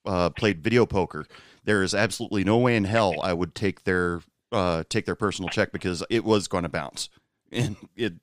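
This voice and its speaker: A man hosting an interview chat, who speaks haltingly and pauses often on fillers. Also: sits low, no echo, clean studio sound. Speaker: podcast host.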